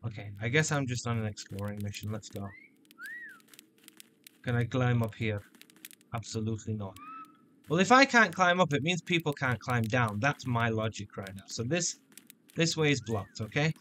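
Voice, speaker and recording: A man joking his way through a game, narrating each step in a playful running commentary. His voice is bright and forward, sitting at an ordinary pitch for a man. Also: animated, normal speed, long pauses, slight background noise. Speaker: gameplay commentator. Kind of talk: let's play commentary.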